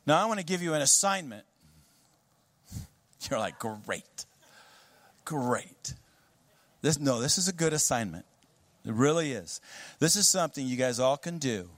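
A man's voice: a little high, expressive, normal speed, long pauses, a bit bright, dry recording. A man preaching a sermon in a casual, conversational way with light humor. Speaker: guest preacher.

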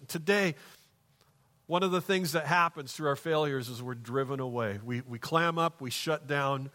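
A pastor preaching a sermon in church, moving between hushed, slow passages and raised, emphatic ones. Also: male voice, on the high side.

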